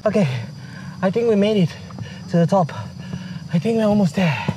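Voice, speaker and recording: A man's voice: high-pitched, moderate pace, background noise. A man talking to his viewers while hiking outdoors, out of breath, joking and complaining as he climbs. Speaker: vlogger. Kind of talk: casual hiking vlog. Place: outdoors on a forest trail.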